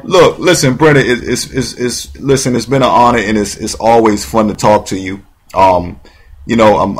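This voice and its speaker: A man's voice: fairly low pitch, husky. A man hosting an interview show, talking casually with rambling restarts and repeated words. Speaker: talk show host.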